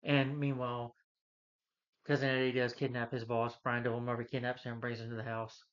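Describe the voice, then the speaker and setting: A man's voice: mid-range voice, monotone, brisk. A young man casually recapping a movie, rambling with lots of "you know" fillers. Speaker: movie reviewer. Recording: slightly dull lo-fi recording.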